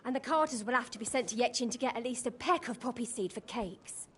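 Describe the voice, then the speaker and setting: An actress playing a busy woman of the house, briskly listing chores. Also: a little high, breathy edge.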